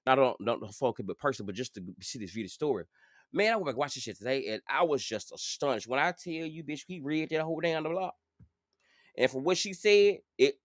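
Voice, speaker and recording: A man's voice: mid-range voice, a bit bright, dry recording, studio quality. A man hosting a casual commentary vlog, sassy and profane, repeating phrases for emphasis. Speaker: channel host.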